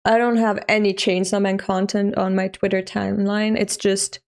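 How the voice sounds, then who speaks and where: A woman in her thirties from Europe talks to her live stream in a loose, chatty way. She laughs often and swears offhand. Her voice carries a gravelly fry. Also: mid-range voice, little pitch movement, moderate pace, a little mellow. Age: 30s. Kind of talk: casual live-stream chat.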